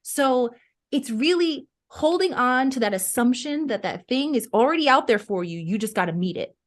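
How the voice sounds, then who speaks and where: A woman's voice: sits high, animated, moderate pace. A young adult woman co-hosting a podcast, chatting casually and telling stories expressively, full of "like" and "right?". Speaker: podcast co-host.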